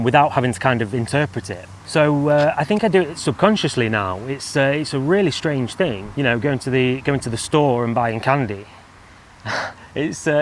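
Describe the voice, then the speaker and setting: An English man with a mild, softened British accent, chatting casually to camera as a vlogger with a loose, relaxed delivery full of fillers. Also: mid-range voice, slight background noise. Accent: mild English, softened toward general British. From England.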